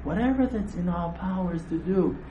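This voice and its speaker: A man delivers a Torah sermon in an emphatic, repetitive way, breaking into laughing asides. His pitch swoops up and down with lively energy. A faint hum of ambience sits behind him. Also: moderate pace, dull audio. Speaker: rabbi teaching.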